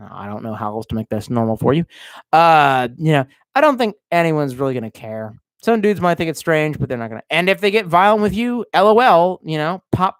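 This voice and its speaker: A livestream host with a fairly high voice reads viewer comments aloud and answers them in a crude, sarcastic rant. The stream is casual, and the recording is dry.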